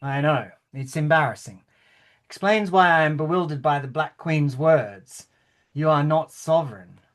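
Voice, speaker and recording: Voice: mid-range voice, unhurried, close to an everyday voice. A performer reading the part of a bewildered, indignant king in a play rehearsal, stammering now and then. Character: bewildered, pompous king of Australia. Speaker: actor in rehearsal.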